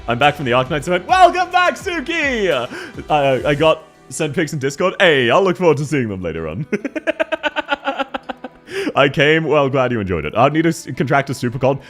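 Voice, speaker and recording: A man streaming casually and reviewing viewers' game accounts, talking quickly and excitedly as he reacts to chat. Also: medium pitch, soft background music.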